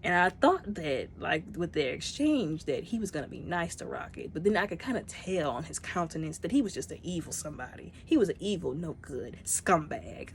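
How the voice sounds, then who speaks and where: A woman casually reviewing a movie, chatty and emotional, talking straight to her viewers and acting out the characters' lines in quick bursts. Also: fairly low pitch, big pitch swings, a little hiss or hum.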